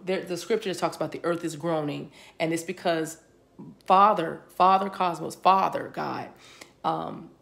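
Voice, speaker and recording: Female spiritual reader, low gravelly voice, meandering delivery. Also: a bit bright. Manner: rambling, repeats words as she receives them. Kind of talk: channeled spiritual reading. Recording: spiritual reading recorded for a video.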